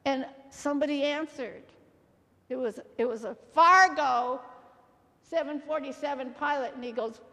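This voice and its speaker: A woman preaching a sermon as a story, acting out the quoted voices and building to loud exhortation. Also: sits high, normal speed. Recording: long hall reverb.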